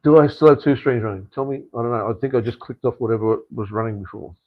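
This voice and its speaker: A man's voice: mid-range voice, fast, muffled recording. An Australian man hosting a casual live stream, chatting loosely and answering viewer comments with lots of fillers, "mate" and "hey". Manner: rambling, with frequent "uh", "mate" and "hey".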